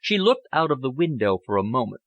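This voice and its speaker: A man narrating a period novel as an audiobook in a measured, storybook way. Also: medium pitch, big pitch swings, no echo, dull audio.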